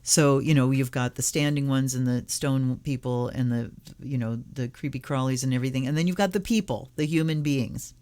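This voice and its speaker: Soft-spoken woman reading card blessings. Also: rumbling low. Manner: reads slowly and softly, some card titles half-whispered. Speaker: tarot channel host. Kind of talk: casual unboxing, reading aloud from a card deck and guidebook.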